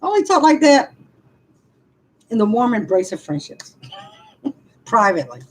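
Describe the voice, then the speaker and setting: A woman's voice: a little high, very animated, unhurried, a little hiss or hum, low-quality recording. A woman, venting frankly to viewers on a casual livestream and answering their comments with laughing asides. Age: 60s. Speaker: livestream vlogger reading comments.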